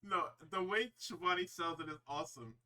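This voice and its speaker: A man co-hosting a podcast, casually recapping wrestling shows in an animated, profane way and slipping into quick impressions. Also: high-pitched. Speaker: podcast co-host.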